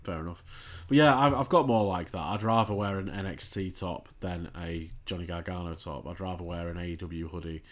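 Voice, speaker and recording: A man's voice: low-pitched, fairly quick, hardly any pauses. A young man co-hosting a casual chat, rambling in a laid-back way with hesitations. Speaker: podcast co-host.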